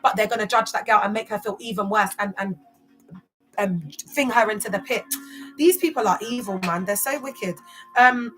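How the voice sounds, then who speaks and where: A woman's voice: medium pitch, moderate pace, fairly bright tone, soft background music. A young woman from West London with a London accent, giving casual vlog commentary in emphatic street slang full of rhetorical questions. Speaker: commentator on church cults.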